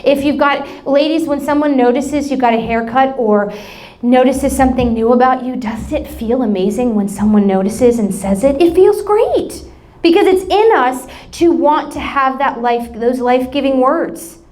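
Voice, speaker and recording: A woman pastor in her thirties with an American accent, preaching a sermon in a fairly high voice. She tells stories in an animated way and breaks into laughing asides. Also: moderate pace.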